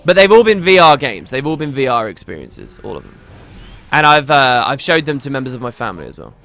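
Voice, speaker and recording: A man's voice: medium pitch, sing-song, a little fast, fairly bright tone. A man streaming a game and chatting casually to viewers, rambling and often restarting his sentences. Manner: rambling, talkative, self-interrupting. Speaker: gaming streamer. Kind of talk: casual gaming stream chat.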